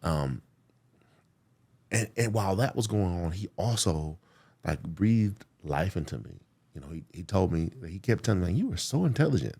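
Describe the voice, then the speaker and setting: Deep-voiced man in his forties, earnest storyteller with lots of fillers, on the verge of tears. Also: darkish tone. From United States. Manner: earnest, halting, many fillers and restarts. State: emotional, near tears. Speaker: guest. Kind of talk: emotional personal storytelling.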